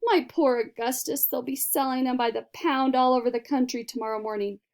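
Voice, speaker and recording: A woman's voice: high-pitched, fairly even intonation, fairly quick, darkish tone, pitched above the performer's own voice. Woman doing a shrieking hysterical mother. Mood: indignant. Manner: shrieking, frantic, indignant. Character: hysterical plump rich mother, shrill and bossy.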